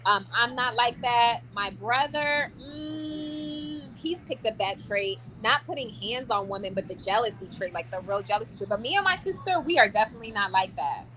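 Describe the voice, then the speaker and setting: Brief: bright, forceful young woman, chatty vlogger, lots of fillers, faint ambience behind. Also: on the high side, moderate pace, hardly any pauses, slight background noise. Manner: chatty and animated, many likes and restarts. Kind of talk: casual chat to camera.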